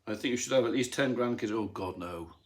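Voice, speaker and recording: A man's voice: lowish voice, fast. Man, middle-aged, farmer host, rambling, dry teasing humour, casual live chat, home lounge.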